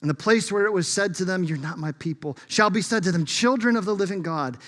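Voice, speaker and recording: A man preaching a sermon as pastor, emphatic and shifting between loud bursts and hushed asides. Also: high voice, a little fast. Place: church sanctuary. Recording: long reverb of a large hall.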